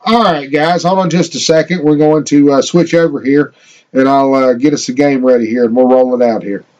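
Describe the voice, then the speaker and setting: A man's voice: medium pitch, fairly even intonation, a little fast, a little mellow, lo-fi sound. A man streaming a game live, chatting casually and rambling to himself with plenty of profanity while he sets up.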